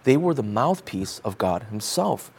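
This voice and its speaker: A man's voice: mid-range voice, sing-song, unhurried, vocal fry, a little mellow, slightly rough. A man preaching a sermon as pastor, emphatic, repeating phrases and asking the congregation pointed rhetorical questions.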